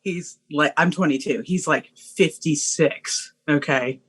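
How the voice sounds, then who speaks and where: A woman guest telling a story in a casual, animated way, laughing often and using lots of fillers. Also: deep voice, takes it slowly, husky.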